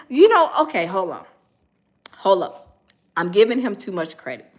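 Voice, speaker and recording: A woman hosting a live stream, chatting casually about gossip and reading out viewers' comments, animated and repeating phrases for emphasis. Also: medium pitch.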